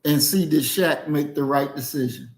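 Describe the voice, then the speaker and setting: A man's voice: fairly high pitch, moderate pace. A man hosting a group discussion, critical and lecturing in tone. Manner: critical, lecturing, says "that's not" over and over. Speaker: discussion host. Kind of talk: moderating a discussion.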